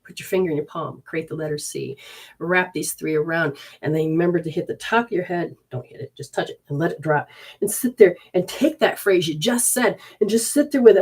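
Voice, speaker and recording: A woman's voice: medium pitch, husky. Soothing woman guiding a healing session. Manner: soothing, coaxing, repetitive instructions; talks to viewers and spirits, switches fast between voices. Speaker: spiritual healer giving live readings. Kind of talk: live-stream healing session and readings.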